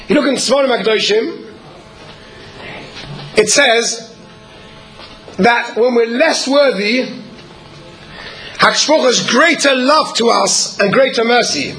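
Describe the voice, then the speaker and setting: A man with a very high, bright voice delivers an earnest sermon. He speaks in measured phrases with frequent pauses. Now and then he clears his throat. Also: faint music behind, poor audio.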